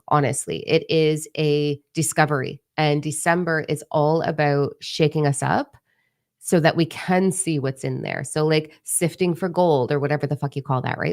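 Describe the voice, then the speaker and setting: A woman's voice: deep voice, a little mellow. A middle-aged woman hosting a spiritual live stream, talking casually and rambling, frank and swearing freely. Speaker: spiritual channel host.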